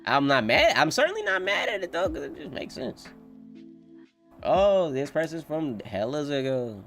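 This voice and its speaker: A man's voice: mid-range voice, big pitch swings, moderate pace, vocal fry, a bit bright, soft background music. A man streaming a live reaction, chatting loosely with swearing, reading chat aloud and laughing often. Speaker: streamer reacting to a manga chapter.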